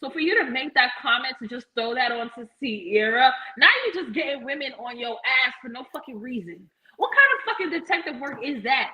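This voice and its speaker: High, bright-voiced woman ranting bluntly. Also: a little fast, few pauses, highs cut off. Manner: blunt, profane, animated ranting. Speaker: podcast co-host. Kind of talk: casual reality-TV recap chat.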